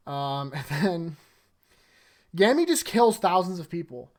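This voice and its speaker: A man's voice: a little high, unhurried, a little mellow. Rambling man recapping episodes. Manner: rambling, filler-heavy, lots of "like" and "uh". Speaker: anime recap vlogger. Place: in front of a green screen.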